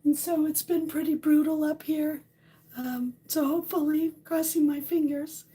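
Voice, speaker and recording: A woman hosting a casual morning live stream, hoarse and losing her voice from a cold, chatting and laughing at how she sounds while greeting viewers by name. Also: sits high, fairly even intonation, moderate pace, mellow. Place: home on a windy ridge.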